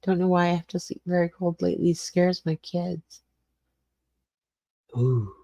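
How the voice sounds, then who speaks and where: Low-voiced older woman chatting on a livestream. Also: a little slow, vocal fry, dark tone, no room sound, lo-fi sound. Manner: chatty, greets viewers by name, rambling. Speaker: livestream host. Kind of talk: casual livestream chat with viewers. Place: small garage suite with cement floor.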